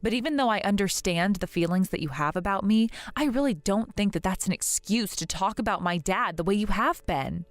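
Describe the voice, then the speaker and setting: A woman voicing a grieving young wife in an animated story drama who talks in an earnest, pleading, wounded way. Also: mid-range voice, fairly quick, few pauses, dry recording, lightly acted. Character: grieving young wife hurt by her in-laws.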